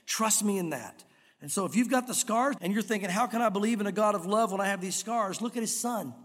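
A man's voice: high-pitched, quick pace. A man preaching a sermon as a pastor, telling stories and acting out voices. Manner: animated storytelling, acts out voices. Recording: long reverb of a large hall.

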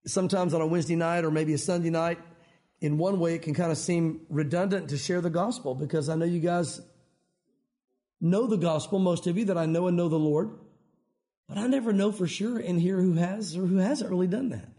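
A man from Tennessee with a Southern accent preaching a conversational sermon, talking quickly with frequent restarts. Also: sits high, dark tone. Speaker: pastor.

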